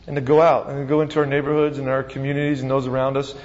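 A man preaching a sermon as pastor, retelling the scene with animated, dramatic storytelling. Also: medium pitch, very fast. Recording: dull sound with long reverb.

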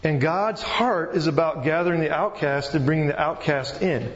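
Conversational preacher in an echoing hall. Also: male voice, a little high, moderate pace. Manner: conversational, rambling with restarts. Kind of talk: sermon. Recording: echoey hall, dull sound.

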